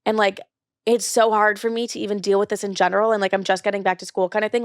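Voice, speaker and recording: A woman's voice: medium pitch, little pitch movement, quick pace, no echo, clean studio sound. A young adult woman hosting a podcast, talking candidly in a casual monologue, swearing freely and filling her speech with "like". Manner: chatty with frequent "like" fillers. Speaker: podcast host.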